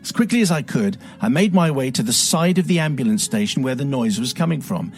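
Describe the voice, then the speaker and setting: A man's voice: mid-range voice, expressive, fairly quick, faint music behind. A man hosting a radio show, reading a listener's letter aloud with wry, dramatic storytelling. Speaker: radio host.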